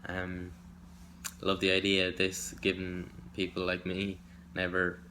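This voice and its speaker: A man's voice: low-pitched, completely flat delivery, unhurried, sharp tone, slight background noise. A young Irish man introducing himself in an audition video, hesitant and rambling, poking fun at himself. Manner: hesitant and rambling, self-deprecating. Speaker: acting hopeful.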